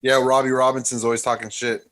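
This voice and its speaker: A man's voice: mid-range voice, little pitch movement, fast, fairly bright tone. A man co-hosting a casual podcast chat, blunt and easygoing, swearing freely. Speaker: podcast co-host.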